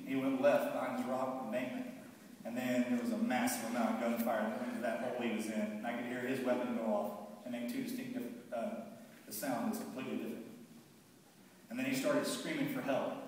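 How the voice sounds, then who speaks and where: A man telling his own war story to a live audience in a halting, heavy way, often stopping and repeating words. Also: medium pitch. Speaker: speaker recounting his war experience to an audience. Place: large hall with an audience. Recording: echoey hall, mic far off, faint background hiss.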